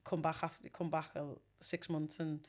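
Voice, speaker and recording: A woman's voice: low-pitched, completely flat delivery, normal speed. A woman in her forties with a Scouse accent, chatting casually as an interview guest, rambling with ums and restarts. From Liverpool, England.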